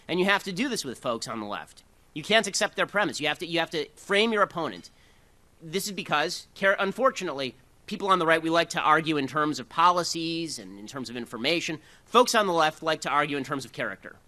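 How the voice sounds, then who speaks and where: A man giving a combative political speech, rapid-fire and sarcastic, in his thirties. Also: on the high side, bright, forceful tone. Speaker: public speaker.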